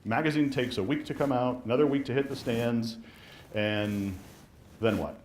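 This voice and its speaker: A man teaching a live real estate marketing class, fast and animated, acting out dialogue with clients and agents. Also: mid-range voice, slight background noise.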